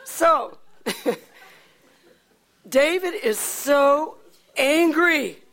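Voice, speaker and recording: Animated woman preacher telling a story. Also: sits high, drawn-out words. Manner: animated, laughs often, chatty asides. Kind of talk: sermon storytelling.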